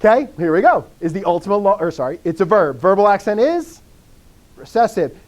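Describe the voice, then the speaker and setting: Lively, high-voiced man teaching a class. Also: fairly quick. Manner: drilling students with repeated call-and-response questions; energetic, animated bursts of enthusiasm. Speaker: Greek teacher. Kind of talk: classroom lecture.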